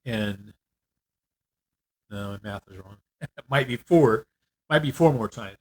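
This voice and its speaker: An older man giving a casual, candid video update on his treatment. He rambles a little, fills pauses often, and sounds worn out. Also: medium pitch. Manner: candid, rambling, with frequent fillers. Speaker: vlogger. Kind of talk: casual personal health update.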